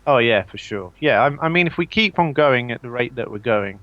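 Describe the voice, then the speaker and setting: A man's voice: mid-range voice, lively intonation, a little fast, no echo, dull audio. Guy from jersey joking about himself, lots of ums and laughs, dry close sound. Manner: hesitant, laughing, self-mocking. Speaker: podcaster guest. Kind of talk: casual chat. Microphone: earphones with mic.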